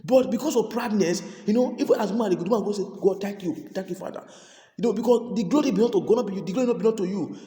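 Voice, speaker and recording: Fast-talking Nigerian preacher in echoey hall. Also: male voice, high voice, dark tone. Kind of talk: sermon in Pidgin.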